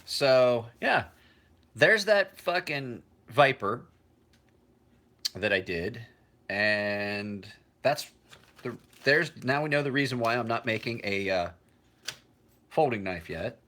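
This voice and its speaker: A man in his forties talks casually on a livestream, rambling and cursing freely. His voice is bright and forward, with a lively pitch that jumps up and down. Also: slow, pauses often. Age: 40s. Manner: rambling and profane, with frequent restarts. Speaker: knife maker.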